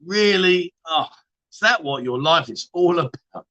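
A man's voice: a little high, expressive, unhurried, sharp tone, lo-fi sound. A man hosting a casual livestream chat show, reading viewer comments and joking around with frequent laughs and swearing.

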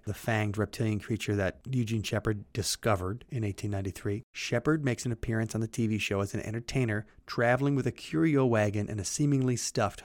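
A man co-hosting a podcast, reading old newspaper clippings aloud in a brisk, animated way and chatting loosely in between. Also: fairly low pitch, no room sound. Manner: reads quotes in a brisk, animated way, then chats loosely. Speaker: podcast co-host.

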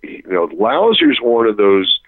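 A man, a touring rock musician, telling an animated anecdote on a radio interview, breaking off and restarting as he goes. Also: on the low side, unhurried, no room sound, phone-quality sound. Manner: animated, self-interrupting, chuckling storyteller.

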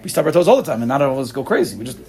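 A man's voice: mid-range voice, rapid-fire. Guy giving a casual torah class, voice jumps up and down a lot, acts out little back-and-forths. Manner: animated, acts out little dialogues, frequent repeats.

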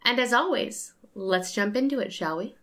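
Lady reading the show intro, cheery, middle-pitched voice. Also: expressive, normal speed. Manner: warm, upbeat address to listeners. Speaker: podcast host. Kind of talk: scripted show intro and ad read.

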